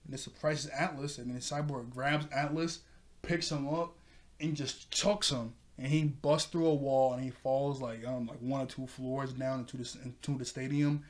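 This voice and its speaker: A young man casually recapping a cartoon episode, excitable and repetitive, often laughing between lines. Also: mid-range voice, moderate pace. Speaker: TV episode reviewer. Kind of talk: casual video review, retelling scenes.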